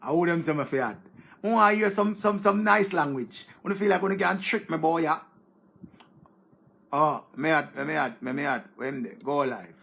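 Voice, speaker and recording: A young Jamaican man with a high, bright voice hosts a loose livestream chat. He talks in animated patois and repeats his words as he goes. His tone is lively and casual throughout. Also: moderate pace, gravelly, slightly rough. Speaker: livestream host.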